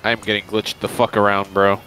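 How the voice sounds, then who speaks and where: Bright-voiced young man joking while gaming. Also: lowish voice, completely flat delivery, normal speed, slight background noise, low-quality recording. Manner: joking, swearing, laughing often. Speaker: gamer. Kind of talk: casual gaming chat with friends.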